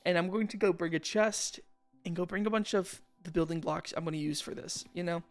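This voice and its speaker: Young guy rambling over his gameplay clips, lots of fry in his voice, laughs at himself a lot. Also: sits high, fairly quick, soft background music. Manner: rambling, self-deprecating, slangy. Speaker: gaming channel host. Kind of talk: casual gameplay commentary over footage.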